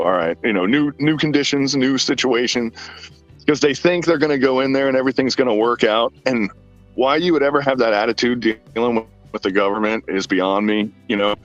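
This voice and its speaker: A man's voice: fairly low pitch, fairly bright tone. A man in casual chat on an online call, telling a story and acting out the other people in it. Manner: storytelling, quotes people in dialogue. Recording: muffled lo-fi call audio.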